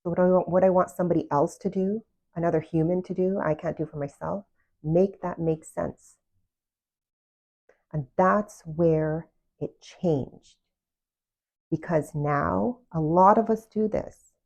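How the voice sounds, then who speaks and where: A woman with a low voice gives casual self-love coaching straight to the listener. She talks earnestly and keeps putting direct questions to the people she is addressing. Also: fairly even intonation, a little slow, vocal fry, a little mellow, dull audio. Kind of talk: casual motivational talk to camera.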